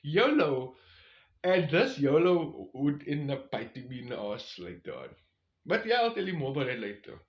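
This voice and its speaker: A man's voice: mid-range voice, big pitch swings, normal speed. Chatty man telling a story. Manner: chatty, rambling with many fillers and asides. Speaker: vlogger on a long-distance walk. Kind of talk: casual storytime recap. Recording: roomy, slightly dull recording.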